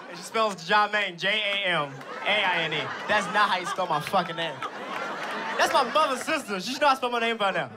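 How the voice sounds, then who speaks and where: A man doing stand-up comedy, telling a story in an animated way and laughing through his lines. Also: high-pitched, a little fast, a crowd in the background, background noise.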